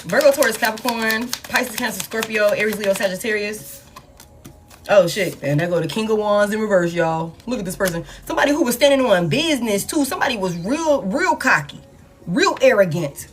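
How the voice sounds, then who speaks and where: A woman's voice: mid-range voice, fairly quick. A woman giving a casual tarot reading in a blunt, profane manner, with laughing asides. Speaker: tarot reader.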